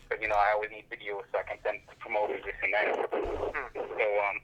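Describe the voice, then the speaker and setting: A man's voice: on the low side, little pitch movement, brisk, a bit bright, highs cut off, slight background noise. A man co-hosting a casual podcast, rambling through a crude story and laughing often. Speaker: podcast co-host.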